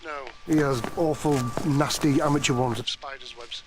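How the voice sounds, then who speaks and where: A man playing a police officer in a TV drama who questions a witness in a brisk, procedural way. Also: mid-range voice, steady tone, close to an everyday voice. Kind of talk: TV drama acting.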